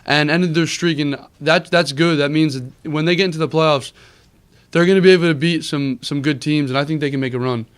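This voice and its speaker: A young man hosting a casual football podcast, running through the week's games in quick rundowns. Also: a little high, fairly even intonation, smooth. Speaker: podcast host. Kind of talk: casual sports podcast chat.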